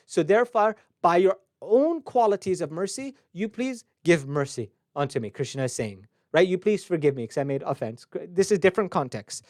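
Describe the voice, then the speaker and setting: A man with a fairly high voice gives a devotional talk over a webcast. He tells stories and acts out the voices in them. The sound is dry and close, with no room echo. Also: a little mellow. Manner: storytelling, acts out quoted voices. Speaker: spiritual teacher. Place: recorded for a webcast.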